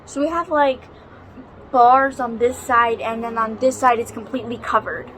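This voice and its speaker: A woman's voice: fairly high pitch, normal speed, a bit bright, slight background noise, poor audio. A young woman vlogging at home, telling a ghost story in a chatty, dramatic way and swearing freely. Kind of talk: casual storytelling vlog. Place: home, near a balcony.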